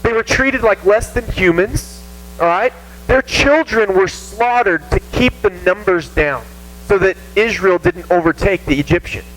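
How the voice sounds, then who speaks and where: A man with a Southern American accent preaching a casual, animated sermon to a youth group, poking fun at himself. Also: sits high, a little slow, rough recording. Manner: animated, self-mocking, acts out whiny voices. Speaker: youth pastor. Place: church youth room.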